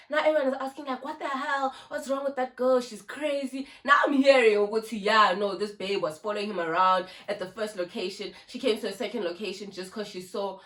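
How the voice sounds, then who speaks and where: A woman's voice: mid-range voice, fairly bright tone. A young South African woman with a South African accent, animatedly telling a casual storytime to her phone camera and dropping in Zulu words. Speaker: YouTuber. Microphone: phone camera with ring light.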